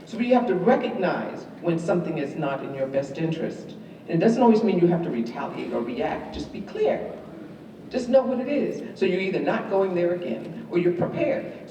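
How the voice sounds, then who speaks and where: A middle-aged woman, giving a university lecture to students in a lively, wry way and teasing them with questions. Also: medium pitch. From New York. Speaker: guest speaker. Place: large lecture hall. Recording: echoey hall from far off, faint room noise.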